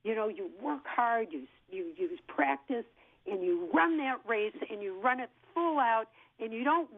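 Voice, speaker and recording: A woman in her sixties, an actress, telling an animated story in an interview and acting out what people said. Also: mid-range voice, no echo. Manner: lively storyteller who acts out what people said. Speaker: actress guest. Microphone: telephone. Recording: tinny phone line.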